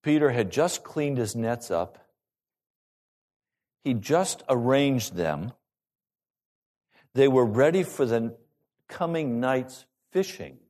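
Animated male pastor preaching. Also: medium pitch, slow, pauses often. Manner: animated, rising and falling preaching delivery. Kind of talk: sermon.

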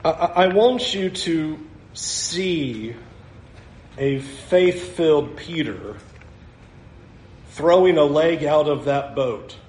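Slow-talking preacher man in an echoey hall. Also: on the high side. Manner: animated, acts out scenes with laughs. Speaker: pastor. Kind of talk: sermon.

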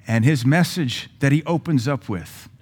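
A pastor preaching a sermon with a Southern American accent, blunt and sarcastic, acting out quotes. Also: male voice, medium pitch, normal speed, darkish tone, slightly rough.

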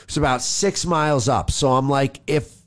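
A man's voice: mid-range voice, moderate pace. A man telling a long story in casual chat, rambling and leaving sentences unfinished as he acts out his own thoughts.

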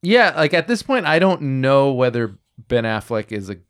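A man's voice: medium pitch, sing-song, normal speed. A man hosting a podcast in casual chat, thoughtful and often searching for his words. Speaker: podcast host.

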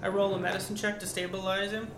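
A woman's voice: medium pitch, flat delivery, quick pace, roomy sound, background noise. A woman playing a tabletop game, speaking casually and hesitantly with many fillers. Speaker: player.

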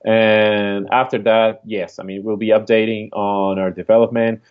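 A man's voice: on the low side, little pitch movement, moderate pace, clean tone, highs cut off. A man with a Spanish accent, a startup co-founder, chatting easily as a guest in a casual podcast interview.

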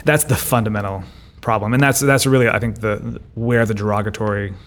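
A man's voice: fairly low pitch, fairly even intonation, brisk, a bit bright. A man co-hosting a podcast, talking through ideas in a thoughtful casual way and often repeating words as he thinks. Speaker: podcast co-host. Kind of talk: casual discussion.

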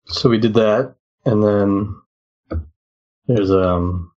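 A man on a casual podcast, telling a story in a relaxed, hesitant way. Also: on the low side, extremely slow. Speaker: podcast co-host. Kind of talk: casual chat. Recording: dull lo-fi audio.

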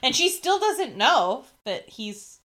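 Woman, podcast co-host, casual recap chat, thoughtful, expressive pitch. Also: slow.

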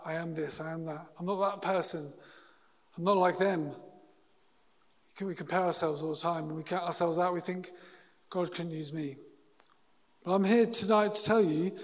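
A man preaching a sermon in an earnest, halting way, often restarting his sentences. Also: on the high side, in a large hall. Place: church hall.

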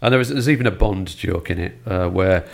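A man's voice: sits low, brisk, gravelly. An older man chatting about films as a guest, telling stories with a dry sense of humor. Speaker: film guest. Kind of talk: casual film chat.

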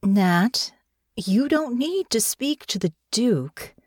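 A woman voicing a tired, concerned female friend who speaks slowly and carefully in an audiobook. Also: mid-range voice, no room sound, studio quality, lightly acted. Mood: worried. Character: weary, worried woman friend at a noble house. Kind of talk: audiobook character voice.

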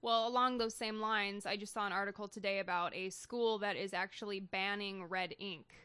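A woman's voice: medium pitch, steady tone, normal speed, bright, forceful tone, smooth, no room sound. A woman co-hosting a comedy podcast who raises news items and dryly teases her co-host in casual chat. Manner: dry, teasing, brings up news stories.

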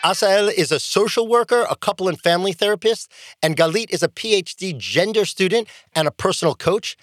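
Rabbi guy hosting a podcast, high-ish voice, super lively delivery. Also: brisk, dry recording, faint music behind. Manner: animated, enthusiastic. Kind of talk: podcast conversation and storytelling.

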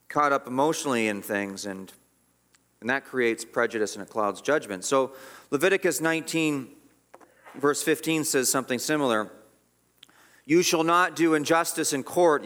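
A man's voice: medium pitch, fairly bright tone. A man preaching a sermon as pastor, earnest and emphatic, often repeating and restarting his words.

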